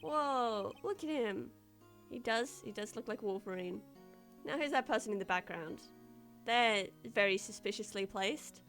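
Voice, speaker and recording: A woman's voice: medium pitch, lively intonation, unhurried, fairly bright tone, faint music behind. A woman streaming a game, chatting casually with jokey, rambling asides. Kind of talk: casual let's-play commentary.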